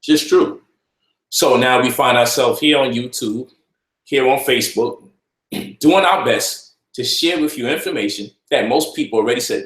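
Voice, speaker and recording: A man's voice: mid-range voice, lively intonation, moderate pace, fairly bright tone, reverberant, low-quality recording. A man giving an informal finance lecture to online viewers, emphatic and repetitive, often checking in with the listener. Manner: emphatic, repeats points, asks "you feel me?".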